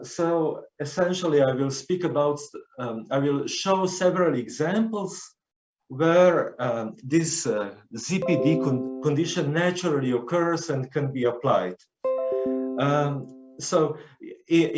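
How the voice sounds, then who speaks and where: A man's voice: medium pitch, darkish tone, muffled recording. Man lecturing in an echoey room. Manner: hesitant, many fillers and restarts. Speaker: conference speaker. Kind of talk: academic lecture.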